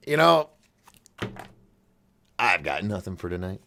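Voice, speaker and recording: A man with a gravelly voice rambles through a casual monologue as a call-in show host. His pitch swings all over as he talks, and he keeps giggling at his own jokes. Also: lively intonation, normal speed. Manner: rambling, restarts and trails off.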